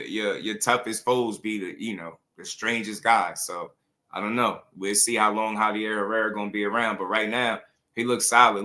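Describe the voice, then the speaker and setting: A man's voice: fairly low pitch, pushed and bright. A man hosting a boxing show in casual, playful commentary full of slang and jokes. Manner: playful, jokey, heavy slang.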